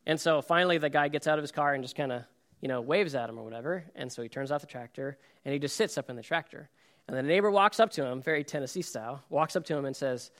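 A man's voice: a little high, fast talker. A middle-aged man preaching a sermon, telling stories and acting out quotes with laughter. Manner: storytelling, animated, acts out quotes with laughs. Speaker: pastor.

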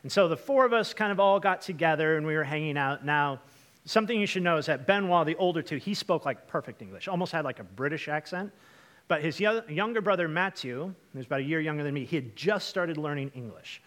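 A young man from Washington state preaching a storytelling sermon, chatty and lively, with lots of fillers and asides to the congregation. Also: fairly high pitch, brisk. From Washington state, USA. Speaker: pastor.

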